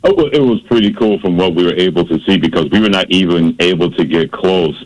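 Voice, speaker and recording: A man's voice: deep voice, fairly quick, darkish tone, poor audio. A man hosting a sports radio show, telling stories and teasing a colleague in a playful way. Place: radio studio. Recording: radio broadcast.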